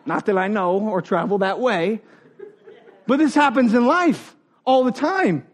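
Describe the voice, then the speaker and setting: In an unhurried, high-pitched voice, a male pastor preaches with animation and humor. He dramatizes the voices of those he quotes and laughs alongside his congregation.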